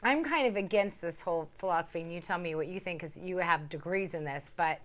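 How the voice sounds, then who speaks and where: Female co-host, lower pitch, chatty and steering. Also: fairly quick. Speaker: talk show co-host. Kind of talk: casual talk show chat.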